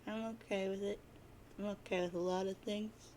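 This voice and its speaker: A woman reading the lines of a calm, eerie teenage girl who hears voices, speaking softly and with detachment, in a dramatic webcomic reading. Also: mid-range voice, moderate pace, slight background noise, natural voice, rough recording. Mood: detached.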